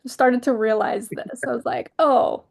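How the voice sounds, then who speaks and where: A woman's voice: a little high, unhurried, vocal fry. A woman co-hosting a podcast in casual chat, telling stories animatedly and quoting herself and her friends. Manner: animated storytelling, quotes herself and friends, laughs often. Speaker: podcast co-host.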